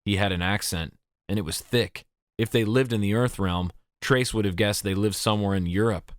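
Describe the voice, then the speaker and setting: Low-voiced male audiobook narrator. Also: steady tone, normal speed, no room sound, clean studio sound. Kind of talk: scripted narration.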